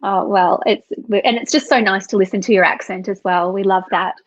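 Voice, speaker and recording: A woman's voice: mid-range voice, steady tone, normal speed, dry recording. An Australian woman hosting an interview over a video call, enthusiastic and eager to promote. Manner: enthusiastic, promotional, warm praise. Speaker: interviewer host. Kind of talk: casual interview chat. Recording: dry, dull lo-fi sound.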